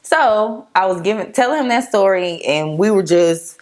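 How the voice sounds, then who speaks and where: A woman's voice: medium pitch, moderate pace, crowd noise. A young adult woman telling the story of her relationship in casual, rambling speech full of "like". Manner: relaxed, rambling, lots of "like". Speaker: co-host telling a couple's story.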